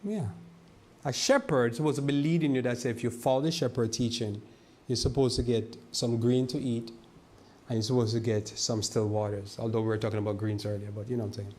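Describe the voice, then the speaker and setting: A male pastor giving a sermon, reading scripture slowly and asking the congregation rhetorical questions, often repeating and restarting words. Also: medium pitch, fairly even intonation, a little mellow. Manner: preaches with rhetorical questions and slow scripture quoting.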